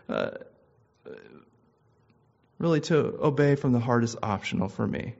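Husky-voiced man preaching a sermon. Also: medium pitch, lively intonation, unhurried, pauses often, a little mellow. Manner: asks probing questions, repeats himself for emphasis. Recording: muffled lo-fi recording.

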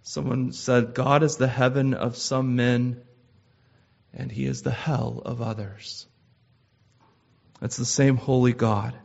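Male preacher, earnest sermon, measured delivery, mid-pitched voice, slightly dull lo-fi sound. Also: level tone, creaky.

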